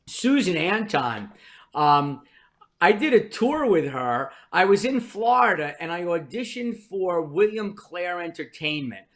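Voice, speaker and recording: Older comedian from New Jersey, bright voice. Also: male voice, high voice, very animated, unhurried. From New Jersey, US East Coast. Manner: wry, rambling storyteller. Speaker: comedian guest. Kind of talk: storytelling in a podcast interview.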